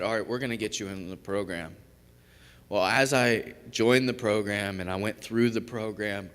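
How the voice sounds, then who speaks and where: A man's voice: lowish voice, a bit bright. A young man from Kentucky giving a personal testimony at a church service, candid and conversational, full of fillers and restarts. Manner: candid, conversational storytelling with frequent fillers and self-interruptions. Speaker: recovery program graduate giving testimony. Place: church sanctuary. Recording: long reverb of a large church.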